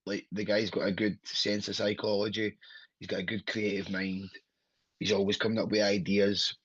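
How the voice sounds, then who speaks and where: Husky Scottish man, blunt and sweary. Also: fairly low pitch, little pitch movement, moderate pace, a bit bright, no echo, highs cut off. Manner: blunt, sweary, laughing storyteller. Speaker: wrestler guest. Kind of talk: casual podcast chat.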